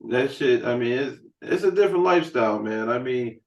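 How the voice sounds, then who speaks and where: A man's voice: mid-range voice, animated, fairly quick, distant mic, dull audio. A man hosting a podcast, telling loose, profane stories in a casual chat. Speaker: podcast host. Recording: roomy room sound, set back from the mic.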